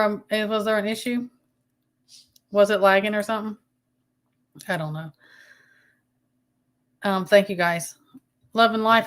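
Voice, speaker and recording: A woman's voice: a little high, fairly bright tone. A woman hosting a casual livestream, rambling and greeting chat viewers by name with many ums and restarts. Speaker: livestream host.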